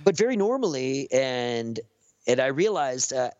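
A man's voice: medium pitch, very animated, unhurried, a little mellow, dry recording, highs cut off. A man with a Southern Californian accent, a podcast guest chatting in a laid-back, rambling way with many fillers. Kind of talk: casual podcast chat. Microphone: close podcast mic.

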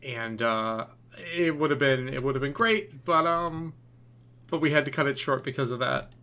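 A man's voice: mid-range voice, normal speed, sharp tone. A man co-hosting a podcast, telling a long story in a casual, rambling way, full of fillers and restarts. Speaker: podcast co-host.

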